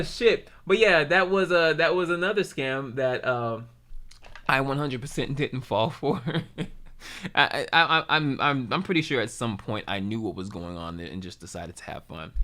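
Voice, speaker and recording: A man's voice: fairly high pitch, a bit bright. A man telling a story in a casual vlog, swearing freely, with lots of stumbles and restarts. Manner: profane, rambling, lots of restarts. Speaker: YouTuber.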